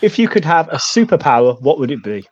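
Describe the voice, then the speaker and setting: Young man, casual chat, dry blunt manner, husky voice, dull muffled mic. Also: fairly high pitch, big pitch swings, quick pace, a little mellow, no room sound. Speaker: podcast co-host asking questions.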